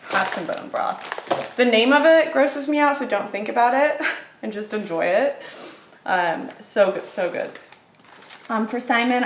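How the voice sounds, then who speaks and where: Young woman, vlogger, casual chatty haul talk, mid pitch, roomy kitchen sound. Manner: chatty, upbeat, quick with fillers. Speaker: vlogger reviewing grocery finds.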